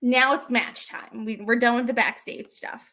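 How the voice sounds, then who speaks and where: High-voiced woman recapping with animation. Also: normal speed. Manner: animated retelling, acting out lines. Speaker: podcast co-host. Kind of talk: casual recap chat.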